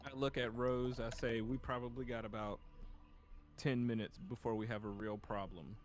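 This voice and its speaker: A man's voice: mid-range voice, steady tone, normal speed. A man playing a tabletop game, speaking urgently and partly in character. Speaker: player. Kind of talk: casual tabletop role-play.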